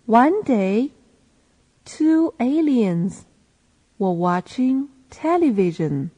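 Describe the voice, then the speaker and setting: A woman with a mellow, husky voice repeats a children's story one phrase at a time. She reads very slowly, and her pitch moves in a lively way. The sound is soft and warm. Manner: repeats each phrase slowly and clearly after a male reader. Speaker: reading teacher. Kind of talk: slow read-aloud for learners to repeat.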